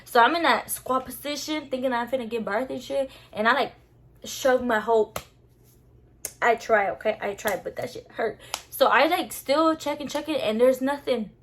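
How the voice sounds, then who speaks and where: A young woman telling a story to her viewers in a casual, animated, slangy way, full of swearing. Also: sits high, normal speed, a little hiss or hum. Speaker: vlogger.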